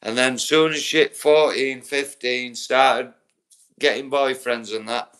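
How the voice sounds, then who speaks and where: A man's voice: medium pitch, fairly even intonation, unhurried, a bit bright. A man in his forties with a Yorkshire accent, chatting on a live stream and telling stories full of swearing. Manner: swearing, rambling storyteller. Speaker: livestreamer. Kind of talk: casual live-stream chat.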